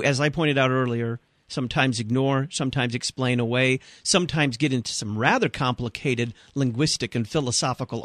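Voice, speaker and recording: A man's voice: mid-range voice, fairly bright tone, no echo. Probing male radio host, dry sound. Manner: probing, presses the guest on his claims. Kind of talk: radio interview.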